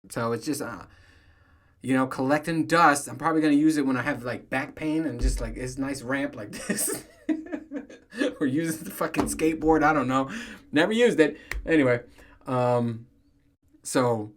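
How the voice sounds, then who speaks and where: A man in his thirties talks alone on his podcast in a loose, storytelling way. He swears freely and often breaks into laughter. His voice sits at an ordinary middle pitch. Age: 30s. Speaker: podcast host. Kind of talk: casual solo monologue.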